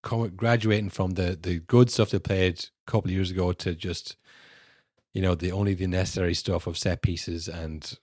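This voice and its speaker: A man co-hosting a podcast, talking football casually and animatedly, acting out fans' back-and-forth in quick asides. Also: deep voice, no room sound, studio quality. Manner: animated, mimics fans and rivals in quoted asides. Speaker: podcast co-host.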